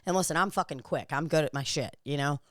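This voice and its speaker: A woman's voice: sits low, quick pace, no echo, clean studio sound. A young woman co-hosting a podcast, rambling through a story in casual chat and swearing freely. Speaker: podcast co-host.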